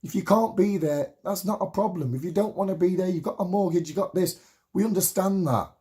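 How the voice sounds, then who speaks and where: A man in his late thirties delivers an impassioned monologue to camera, full of swearing and repetition. His voice sits high for a man yet sounds warm and soft-edged rather than bright. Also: brisk. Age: 30s. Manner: heated, swearing, repetitive rallying rant.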